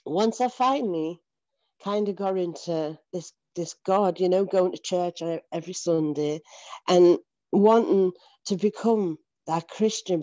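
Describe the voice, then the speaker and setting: A woman's voice: lowish voice, dark tone, no room sound, muffled recording. A woman giving an earnest, emotional personal faith testimony, often repeating herself and laughing between phrases. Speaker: church member giving testimony.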